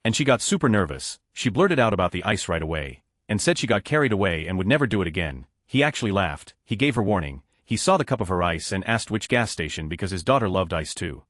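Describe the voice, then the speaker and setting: A man reading Reddit stories aloud as a narrator, in a brisk, steady read-aloud delivery. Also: sits low, no echo, clean studio sound. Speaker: story narrator.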